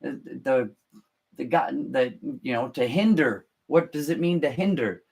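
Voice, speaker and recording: A man hosting a podcast, explaining scripture in unscripted talk, halting and deliberate with frequent restarts. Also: mid-range voice, animated, creaky, a little mellow, slightly rough. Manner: halting, many restarts and fillers, slow and deliberate. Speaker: podcast host.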